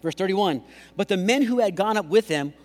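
A man preaching a sermon as pastor, animated and jokey, mimicking voices. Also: high-pitched, a little fast. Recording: long hall reverb.

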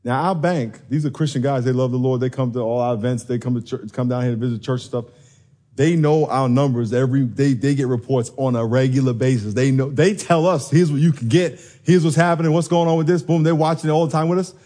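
A man preaching a sermon, telling stories with animated energy and acting out the quoted voices. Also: medium pitch, fairly quick. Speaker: pastor.

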